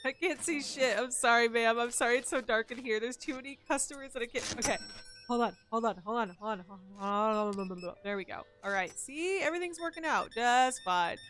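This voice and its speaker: A woman live-streaming from home, chatting in a self-mocking way as she plays and sometimes yelling loudly at the customers in the game. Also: on the high side, fairly quick. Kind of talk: casual live-stream commentary while gaming.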